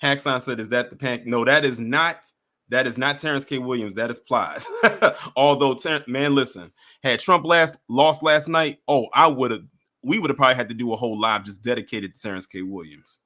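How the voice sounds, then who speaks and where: Bright-voiced, animated male livestream host. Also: mid-range voice, moderate pace. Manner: animated, mocking, chats with viewers. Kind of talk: casual reaction commentary.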